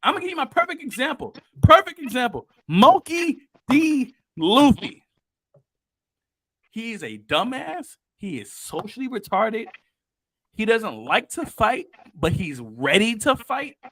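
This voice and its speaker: A man hosting a casual podcast, talking excitably and emphatically with plenty of cursing. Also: very high voice, measured pace. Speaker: podcast host.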